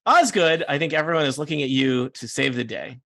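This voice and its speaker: A man running a tabletop game as dungeon master, chatty and laughing, with halting fillers. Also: on the high side, expressive, vocal fry, fairly bright tone.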